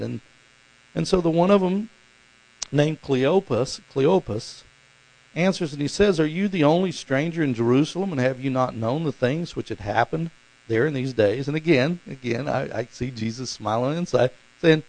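A man preaching a sermon as pastor, animated and acting out the voices in the stories he tells. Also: on the high side, normal speed, vocal fry, poor audio. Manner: animated, acts out voices in quotes.

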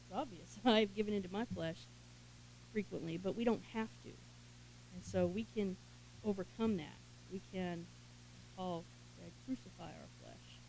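A woman leading a Bible study, reading scripture with emphasis and commenting in a relaxed, conversational way with small laughs. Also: mid-range voice, slight background noise, low-quality recording. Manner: reads scripture aloud emphatically, then comments in casual asides with small laughs.

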